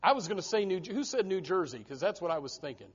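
A man's voice: high-pitched, very animated, quick pace, breathy edge. A male preacher from the United States giving an emphatic sermon to a congregation, often repeating words as he restarts. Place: church before a congregation. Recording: dull lo-fi recording.

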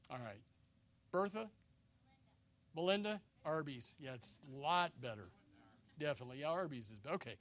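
An older man preaching a sermon as pastor, folksy and joking, swinging between loud emphasis and hushed asides. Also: high-pitched, no echo.

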